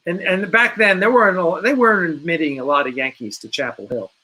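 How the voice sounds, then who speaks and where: A man's voice: sits high, brisk, pushed and bright, low-quality recording. A man from the New York area, hosting a casual podcast chat with rambling, self-correcting answers. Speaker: host.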